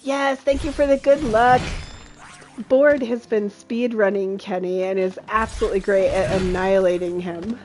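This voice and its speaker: A woman's voice: medium pitch, fairly even intonation, normal speed, a little mellow, faint music behind. A woman streaming a video game with casual, playful commentary, laughing often.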